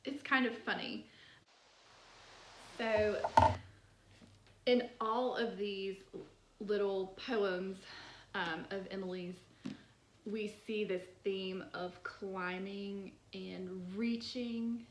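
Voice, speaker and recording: A woman's voice: mid-range voice, fairly even intonation, drawn-out words, pauses often, roomy sound, a little hiss or hum. A woman hosting a poetry channel, talking through poems in a casual, chatty way, full of "like" fillers. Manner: chatty, many "like" fillers, soft laughs.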